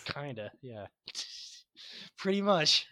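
A man's voice: fairly high pitch, very animated, extremely slow, over a noisy crowd. A man co-hosting a podcast in casual chat, rambling through stories and laughing often. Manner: giggly rambling storyteller. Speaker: podcast co-host.

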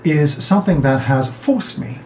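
Man playing elderly female crime boss, genteel, icy, precise, a bit high voice, roomy echo. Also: expressive, normal speed, a little mellow, a little hiss or hum, close to an everyday voice. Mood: menacing. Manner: genteel, precise, icily polite. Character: cold elderly woman crime matriarch, poised and menacing.

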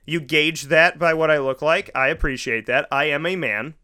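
A man's voice: a little high, moderate pace, clear, resonant tone. A man hosting his own show, telling a story in a casual monologue and acting out the people he quotes. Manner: animated storytelling, acts out quoted voices. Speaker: radio show host. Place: studio.

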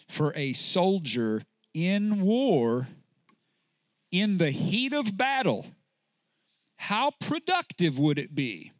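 A man's voice: on the high side, no room sound, clean studio sound. A man preaching a sermon to a congregation, emphatic and full of rhetorical questions.

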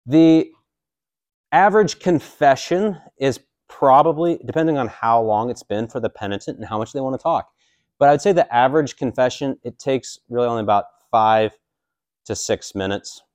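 A man's voice: medium pitch, normal speed, darkish tone, no room sound. A man in his forties, a priest, teaching a catechism class in a casual, joking way with many fillers. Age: 40s.

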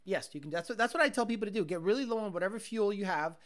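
A man's voice: high voice, lively intonation, very fast, a bit bright. A man hosting a casual live stream, chatting with his viewers and ranting in an exasperated, profane way. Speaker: livestream host reading chat.

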